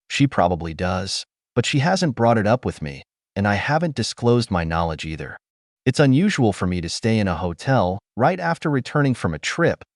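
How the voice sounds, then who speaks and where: A man with a fairly low voice reads a first-person story as scripted narration. His intonation rises and falls in a lively way, and he keeps a steady, even pace. The recording is dry and close, with no room sound. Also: no room sound.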